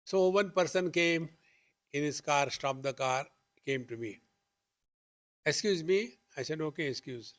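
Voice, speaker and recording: Guy teaching at a retreat, fairly high voice, acts out the conversations in his stories. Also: moderate pace. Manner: lively storytelling, acts out dialogue with rising questions. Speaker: spiritual teacher. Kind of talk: spiritual discourse. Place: retreat hall.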